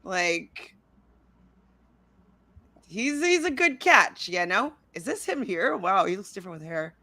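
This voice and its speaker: Bright-voiced chatty woman host. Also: mid-range voice, very animated, measured pace, no room sound. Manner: chatty, giggly, reads live chat aloud. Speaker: podcast host. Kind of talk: casual reality TV recap chat.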